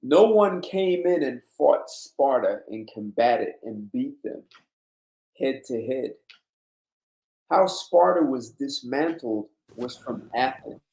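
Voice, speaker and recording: A man's voice: mid-range voice, animated, takes it slowly, darkish tone. Blunt lecturing man, roomy echo. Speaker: host. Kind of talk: casual monologue.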